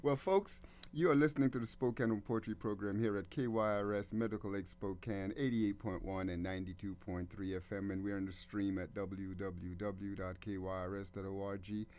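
A man's voice: on the low side, moderate pace, few pauses, clear, resonant tone. Gushing man hosting community radio. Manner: effusive, gushing, stammers with excitement. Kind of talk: casual radio interview. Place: radio studio.

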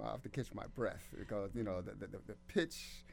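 Male community radio host, lowish voice, effusive and stammering, studio mic. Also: a little fast, gravelly, few pauses. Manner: effusive, gushing, stammers with excitement. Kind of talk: casual radio interview.

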